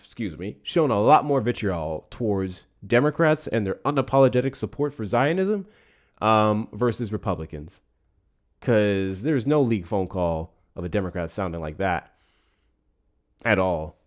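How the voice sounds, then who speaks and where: A low-pitched man hosts a livestream with casual political commentary. His delivery is lively and full of swings, slipping into profane, heated rants.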